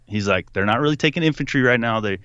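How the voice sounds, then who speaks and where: Animated man telling army stories. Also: mid-range voice, fast, clean tone, no room sound, dull audio. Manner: animated, quotes people in voices, laughs often. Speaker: podcast guest. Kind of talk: casual storytelling.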